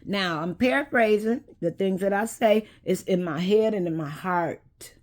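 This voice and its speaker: Slow-talking woman musing to viewers. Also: medium pitch. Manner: unhurried preachy talk, addresses viewers as y'all. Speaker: host. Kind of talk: casual talk to camera.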